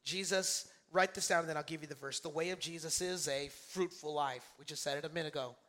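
A man's voice: fairly high pitch, brisk, sharp tone. A male pastor preaching a sermon in church, emphatic and repetitive, calling out to his congregation for responses. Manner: repeats key phrases for emphasis. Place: church sanctuary.

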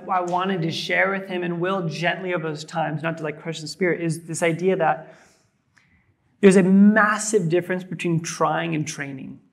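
High-voiced young pastor preaching conversationally. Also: male voice. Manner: conversational, storytelling with many fillers. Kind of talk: sermon. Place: church service.

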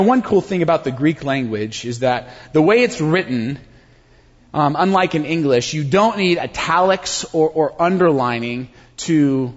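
A male pastor delivers a sermon, swinging between forceful emphasis and hushed near-whispers. His voice sits high and husky and swoops widely in pitch. The sound is muffled and rings with a long hall reverb. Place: church sanctuary.

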